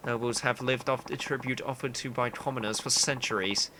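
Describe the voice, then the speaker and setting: A man's voice: medium pitch, fairly even intonation, a little fast, noisy background, lightly acted. A man voicing a whiny, pompous young male aristocrat in a video game, sounding haughty and condescending. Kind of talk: reading game dialogue aloud.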